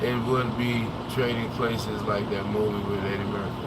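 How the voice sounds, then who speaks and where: Speaking from inside his truck cab, a young trucker vlogger answers viewer comments casually, rambling, opinionated, and sometimes losing his train of thought. His voice is fairly low and flat at a normal speed, and the recording is very noisy.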